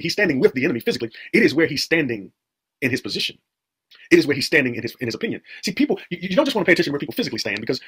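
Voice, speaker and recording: Very husky fast-talking male preacher. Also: a little high, fairly bright tone. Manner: emphatic, repeats phrases, rhetorical questions to the congregation. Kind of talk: sermon.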